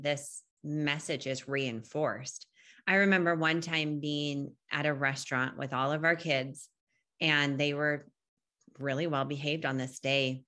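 A woman with a low voice speaks in a relaxed podcast chat. She talks earnestly and reflectively, now and then acting out what other people say. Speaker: podcast co-host. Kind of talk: casual podcast conversation.

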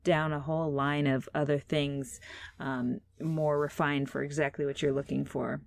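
A woman's voice: low-pitched, flat delivery, moderate pace, vocal fry. A woman in her thirties hosting a podcast, telling a long story in a chatty way with fillers and restarts. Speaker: podcast host. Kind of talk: casual podcast interview.

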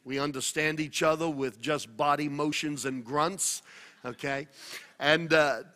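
A man's voice: fairly high pitch, steady tone, unhurried, bright, forceful tone. A man from New York, a pastor, telling a jokey story from the pulpit before introducing a guest. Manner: jokey, anecdotal. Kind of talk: church announcement and storytelling.

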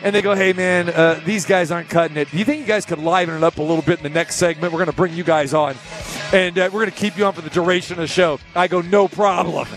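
A middle-aged man hosting a sports talk show, telling a rambling, animated story in casual chat. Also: sits high, fast talker, soft background music. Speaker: host.

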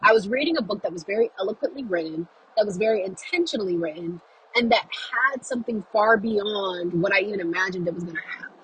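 A woman's voice: medium pitch, lively intonation, fast, fairly bright tone, slight background noise, poor audio. A young woman talking casually about books on her podcast, chatty and effusive, with asides and fillers. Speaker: book podcaster. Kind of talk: casual chat.

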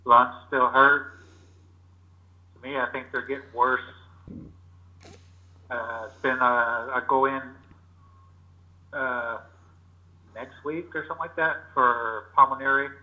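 A man's voice: medium pitch, steady tone, slow pace, long pauses. A man calling into a podcast, giving short, terse answers in casual chat. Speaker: podcast guest on the phone. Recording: tinny phone line.

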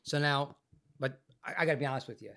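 A man, an actor guest on a podcast, telling a story in a profane, animated way, his voice changed by illness. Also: mid-range voice, quick pace, crowd noise. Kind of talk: casual podcast interview storytelling.

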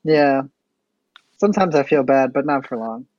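A man's voice: medium pitch, expressive, moderate pace, darkish tone, dry recording. A man chatting casually on a podcast with blunt, dry humor. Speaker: podcast co-host. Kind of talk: casual chat. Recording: dull dry mic sound.

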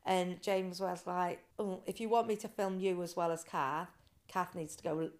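Woman, lower voice, casual storytelling guest, acts out quotes. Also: steady tone, moderate pace. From Britain. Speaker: guest, ice swimmer.

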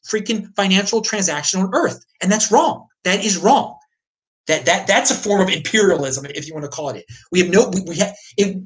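An American crypto livestream host with a high, fairly bright voice rants emphatically and off the cuff, answering viewers with his opinions. He repeats himself and restarts often, and the recording quality is low.

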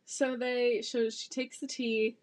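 A woman's voice: a little high, little pitch movement, takes it slowly. A young woman co-hosting a podcast, sarcastically retelling a book with lots of giggling. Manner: sarcastic, giggly, acts out characters in quotes. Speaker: podcast co-host. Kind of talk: casual chat, retelling a book.

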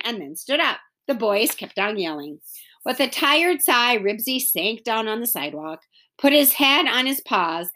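Bright, expressive woman reading a storybook. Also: fairly high pitch. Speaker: reader. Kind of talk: reading a children's chapter book aloud.

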